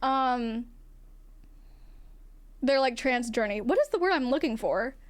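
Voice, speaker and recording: A non-binary streamer with a feminine-sounding voice, talking frankly in a casual livestream chat, swearing now and then and laughing often. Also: female voice, on the high side, animated, a little slow. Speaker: livestream host.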